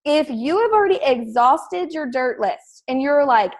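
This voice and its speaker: A woman's voice: high voice, normal speed, hardly any pauses. Chatty woman coaching her team. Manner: chatty and excitable, heavy use of "like". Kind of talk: casual team call.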